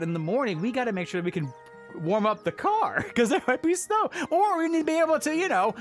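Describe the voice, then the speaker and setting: A man chatting casually with his stream audience as he tells a story, animated and often laughing. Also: sits high. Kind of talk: casual story time chat.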